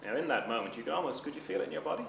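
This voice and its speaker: A man's voice: fairly high pitch, animated, rapid-fire, gravelly. Chatty man lecturing in an echoey room. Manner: conversational, checks in with the class often. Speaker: teacher. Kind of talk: seminar lecture. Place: seminar room. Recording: roomy, distant mic with background noise.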